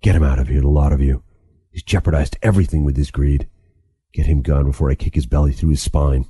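A man voicing a stern, menacing male elf leader who gives slow commands. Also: rumbling low, steady tone, dark tone, husky, full character voice. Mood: commanding.

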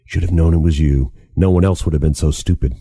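A man's voice: rumbling low, steady tone, brisk, gravelly, warm tone, slightly rough, no room sound, clean studio sound, full character voice. A man voicing a bullying male elf thug who makes sneering threats.

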